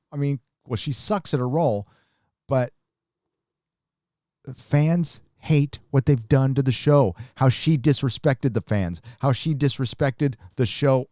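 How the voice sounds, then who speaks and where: A man's voice: medium pitch, mellow, no echo, clean studio sound. Blunt, profane man hosting a live stream. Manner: blunt, profane, rambling opinion talk. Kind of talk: casual live-stream chat reading viewer comments.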